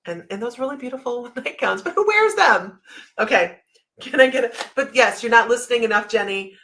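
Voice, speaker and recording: A woman's voice: on the high side, a little fast, a bit bright, low-quality recording. A woman with a slight Southern American accent hosting a livestream, chatting casually and telling a story with lots of asides. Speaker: psychic livestream host.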